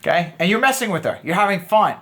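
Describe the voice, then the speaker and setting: A man's voice: high voice, very animated, fast, a bit bright. Rambling man coaching on dating. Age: adult. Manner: loose and rambling, many fillers and restarts. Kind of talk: casual instructional talk.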